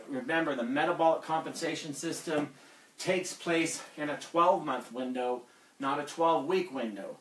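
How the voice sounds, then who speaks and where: A man's voice: on the high side, fairly bright tone, echoey room, recorded from a distance, poor audio. A man coaching fitness on a live stream, blunt and lecturing as he talks through diet advice.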